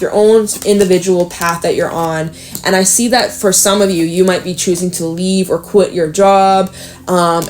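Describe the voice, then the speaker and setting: Woman tarot reader, casual to-camera vlog delivery; chatty, upbeat, encouraging, swears freely, laughs easily; mid-pitched voice. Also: a little mellow.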